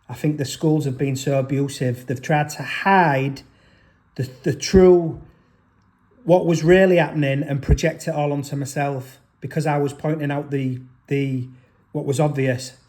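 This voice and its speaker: A man's voice: fairly high pitch, fairly even intonation, measured pace, a little mellow. A father telling a personal story in an aggrieved, rambling way, often restarting his sentences. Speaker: father vlogger.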